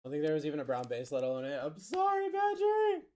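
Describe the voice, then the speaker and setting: A man's voice: medium pitch, level tone, very fast, warm tone. A man hosting a live card break stream, reading out player names and answering chat. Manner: rattles off player names, reads chat aloud.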